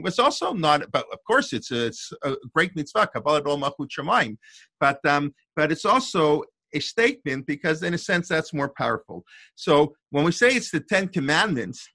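An older man teaching a Torah class in a bright, forceful voice that sits a little high. He talks discursively and thinks aloud, with restarts and asides. The sound is close and dry. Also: no echo. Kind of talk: informal Torah lesson.

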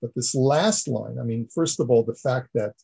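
Male teacher, mellow and slightly husky, earnest lecturing delivery. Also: medium pitch, moderate pace, low-quality recording. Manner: earnest explaining, repeats words while building a point. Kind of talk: classroom lecture.

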